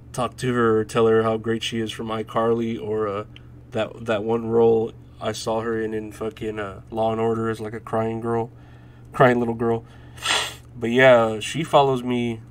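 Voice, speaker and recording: Flat-voiced profane man rambling. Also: mid-range voice. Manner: rambling, profane, laughs while telling stories. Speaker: podcast host. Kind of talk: casual solo chat.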